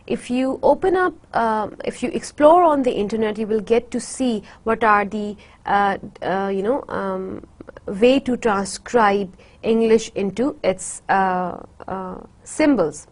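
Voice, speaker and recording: In a university literature lecture, a woman speaks hesitantly with lots of fillers, repeating words to show how they sound. Her voice is slightly high.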